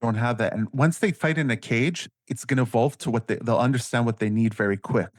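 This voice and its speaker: A man's voice: mid-range voice, a little fast, dry recording, clean studio sound. A man with a Canadian accent, a grappling guest chatting loosely and jokily, with plenty of fillers and restarts. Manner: rambling, jokey, many fillers and restarts. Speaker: podcast guest, grappling expert. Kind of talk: casual interview chat.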